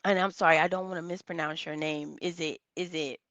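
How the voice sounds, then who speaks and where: A woman's voice: low voice, steady tone, brisk, fairly bright tone, no echo, muffled recording. A woman calling in to a talk stream, earnest and rambling, restarting her sentences often. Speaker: caller. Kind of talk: casual call-in chat.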